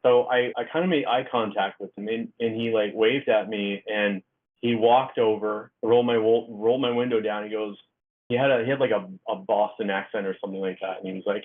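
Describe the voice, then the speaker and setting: A man's voice: on the low side, steady tone, a little fast. A man, a guest author, telling a personal story in a casual interview, rambling with restarts and acting out the dialogue. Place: Oregon. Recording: tinny phone-like line.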